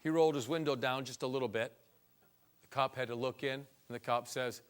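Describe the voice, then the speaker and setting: A man's voice: medium pitch, fairly quick, smooth. A man preaching a testimony, telling a story in a folksy way that builds to fervent emphasis.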